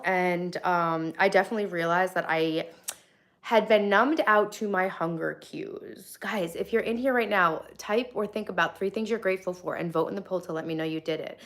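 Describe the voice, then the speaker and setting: A woman in her thirties from Long Island with a softened Long Island accent, chatting casually on a livestream while reading and answering viewer comments, with frequent ums and restarts. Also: medium pitch, normal speed. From Long Island, New York. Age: 30s. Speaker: livestream host. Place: home studio.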